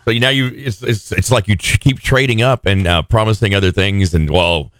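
A man co-hosting a casual chat, quick with reactions and side remarks. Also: lowish voice, a bit bright, no echo, studio quality. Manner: chatty, quick reactions and asides. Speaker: co-host.

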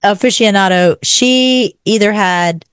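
A woman's voice: mid-range voice, unhurried, clear, resonant tone, no room sound. A woman co-host who chats frankly and casually in a mid-range voice. The sound is dry and close. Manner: frank, chatty. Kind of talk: casual chat.

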